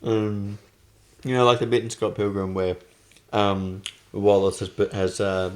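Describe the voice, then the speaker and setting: A man's voice: on the low side, little pitch movement, measured pace, darkish tone. A young man co-hosting a casual chat, laid-back and hesitant, laughing often. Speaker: co-host.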